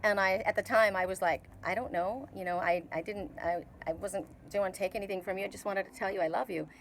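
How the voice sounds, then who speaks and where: A woman's voice: medium pitch, fairly even intonation, quick pace, slight background noise, rough recording. A middle-aged woman from Canada with a Canadian accent, giving a casual spiritual tarot reading on an outdoor patio and rambling with many restarts and fillers. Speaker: tarot reader.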